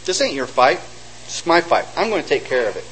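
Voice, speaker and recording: A preacher lowers his voice to play God, calm and firm, speaking hushed and steady as he reassures his people. The delivery drops quieter and deeper than the surrounding preaching. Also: a little fast, slight background noise, low-quality recording. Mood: reassuring.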